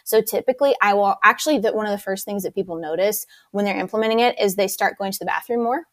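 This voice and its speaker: A woman's voice: medium pitch, quick pace, fairly bright tone, no echo. A woman fitness instructor explaining her method in a casual interview, enthusiastic and chatty.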